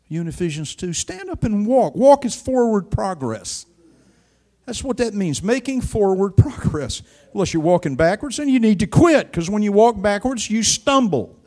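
An older male preacher with a high-pitched voice delivering a sermon. He tells a personal story dramatically, dropping to a hush and then surging loud. His delivery is lively and emotional. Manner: dramatic storytelling with sharp swings in loudness.

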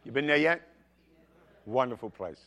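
A male pastor preaching a sermon, telling personal stories in an animated, emphatic way with jokey asides. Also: medium pitch, moderate pace. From outside the United States.

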